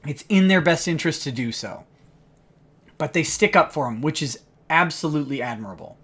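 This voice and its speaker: A man's voice: on the high side, animated, brisk, fairly bright tone, slightly rough. Sardonic man reading a legal filing. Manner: sardonic, mocking asides between read-out passages; laughs often while reading. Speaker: lawyer live-streamer. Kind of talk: live-stream commentary reading a legal motion aloud.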